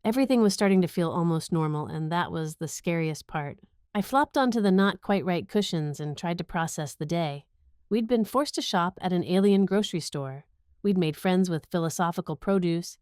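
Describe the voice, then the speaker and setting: A woman's voice: lowish voice, expressive, moderate pace, a little mellow, smooth, no room sound, studio quality. A young woman narrating a romantic comedy audiobook in first person, wry and sarcastic.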